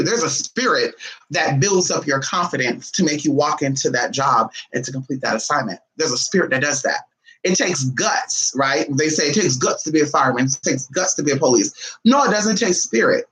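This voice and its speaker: A woman spinning a casual storytime for her viewers in a lively, unfiltered way. She swears freely and jumps into high, dramatic voices whenever she quotes someone. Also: low-quality recording. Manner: animated, blunt and profane, acts out others' lines with big pitch jumps. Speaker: spiritualist vlogger.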